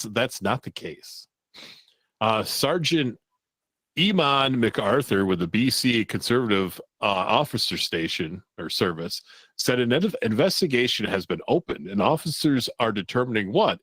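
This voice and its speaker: Man, talk show host, casual news reading, very lively pitch, dry close sound, swears freely. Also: normal speed, no echo. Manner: loose and profane, laughs at the stories. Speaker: podcast host.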